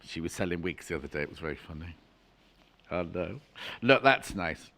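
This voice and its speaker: A man's voice: deep voice, expressive, normal speed, vocal fry, sharp tone. A middle-aged man presenting fabrics on a live home-shopping channel, chatty and gushing with jokey asides.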